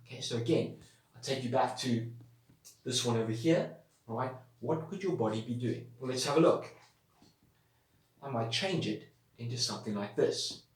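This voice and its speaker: A man's voice: medium pitch, moderate pace, pauses often, distant mic. A man teaching a writing lesson in a chatty way, checking in with listeners often. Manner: chatty, checks in with frequent "all right?" and "yeah?". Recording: roomy sound from away from the mic.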